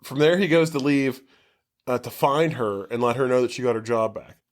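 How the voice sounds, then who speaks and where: Man, podcast co-host, casual movie recap, rambling, swears a lot, heavy "like" filler, middle pitch. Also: moderate pace.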